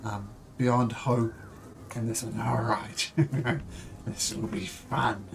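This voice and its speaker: A man runs a tabletop game as game master, talking slowly and easily through the dice rolls. His voice is gravelly, with a faint hiss of background noise. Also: mid-range voice, steady tone.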